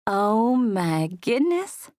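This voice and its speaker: A woman's voice: mid-range voice, big pitch swings, drawn-out words, a little mellow, no room sound, studio quality, voice pushed up. A woman voicing a flirty, newly divorced woman with a cooing Southern drawl.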